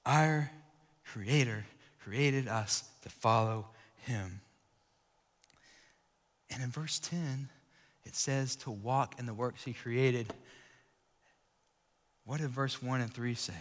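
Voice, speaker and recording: Animated young preacher in echoing hall. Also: male voice, medium pitch, takes it slowly, long pauses. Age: late 20s. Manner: animated and jokey, swinging from loud exclaiming to hushed asides. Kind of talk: energetic youth-style sermon. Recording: long reverb of a large hall.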